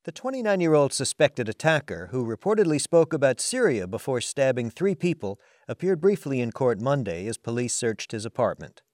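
A man reporting as a radio news correspondent, with a measured, even delivery. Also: medium pitch, no echo, clean studio sound.

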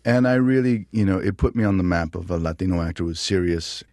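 Deep-voiced man telling stories. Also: fast, dry recording, clean studio sound. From New Mexico. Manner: animated storyteller, acts out voices. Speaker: actor guest. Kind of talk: interview conversation.

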